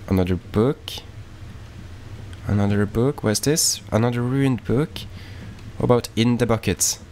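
A man's voice: medium pitch, a little mellow, slight background noise. A man giving casual, rambling let's-play commentary, swearing freely and talking offhandedly as he plays. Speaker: gaming YouTuber.

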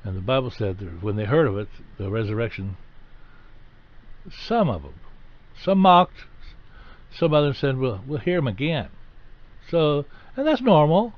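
A man delivers a sermon in a mid-pitched voice, teaching in a loose, conversational way. He lifts his voice sharply to stress the key points. The recording sounds slightly dull and lo-fi. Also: very animated, measured pace, long pauses. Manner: conversational teaching, rising emphasis on key words. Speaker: preacher.

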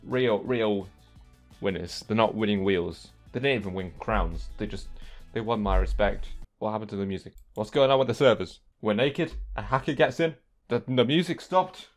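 A young man commentating a game he is playing, excitable, yelping and swearing at other players, then muttering to himself. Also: mid-range voice. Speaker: gaming YouTuber. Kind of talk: let's play commentary.

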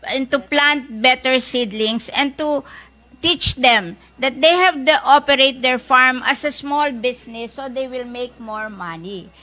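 A woman with a Filipino accent presses her case, firm and insistent, reeling off figures. Her voice sits fairly high and has a bright, sharp edge. She sounds like an experienced lawmaker who will not back down. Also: measured pace. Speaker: senator. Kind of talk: debate.

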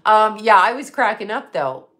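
A woman's voice: medium pitch, expressive, normal speed, sharp tone. A middle-aged woman, a psychic medium, ranting in casual livestream chat, swearing and laughing often. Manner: profane, ranting and laughing a lot.

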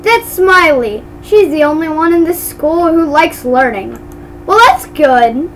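A woman's voice: high-pitched, lively intonation, takes it slowly, fairly bright tone, slight background noise, low-quality recording. A woman giving casual commentary while playing a game, chatty and giggly, tripping over her words. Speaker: gamer.

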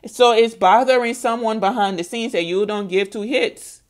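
A tarot reader gives a spiritual reading in a chatty, playful way, laughing often and talking straight to her viewers. Her voice is on the high side, at a moderate pace.

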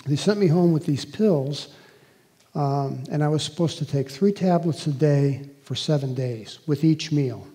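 A man gives a talk recounting a personal experience, speaking in an earnest, halting, conversational way with fillers and restarts. His voice is on the high side and mellow.

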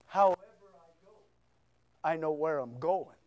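A man preaching a sermon as pastor, full of rhetorical questions, swinging between loud bursts and hushed asides. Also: a little high, a little slow. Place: church.

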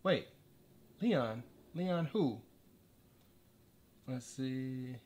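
A livestreaming artist chats casually while building a computer, rambling and making self-deprecating remarks. His medium-pitched, darkish voice is expressive, with drawn-out words, and he sometimes drifts away from the mic.

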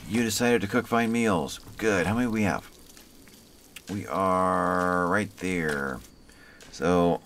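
A man's voice: on the low side, a little hiss or hum. A man casually commenting on his colony game as he plays, talking to the colonists by name in an easygoing way. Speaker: let's play host.

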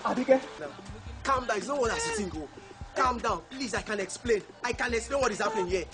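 A woman's voice: a little high, sing-song, brisk, over loud music, voice pushed down. A woman voicing a panicky young boyfriend caught cheating, pleading with his girlfriend and blaming the devil. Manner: pleading, repeats himself, blames the devil.

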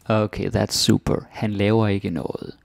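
Gravelly Danish teacher explaining grammar. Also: male voice, fairly low pitch, little pitch movement, normal speed, no echo. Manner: chatty, adds "ikke?" tags, drops to whispers.

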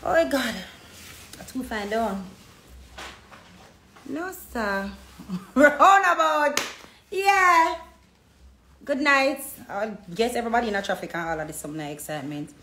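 A bright, slightly high-voiced woman with a Jamaican accent, telling stories on a livestream in animated patois. She plays the people she quotes. Her phone picks her up in an echoey salon with a faint hum behind her. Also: a little slow, long pauses. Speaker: social media personality. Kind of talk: casual livestream chat. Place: hair salon, indoors. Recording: echoey room with faint background noise.

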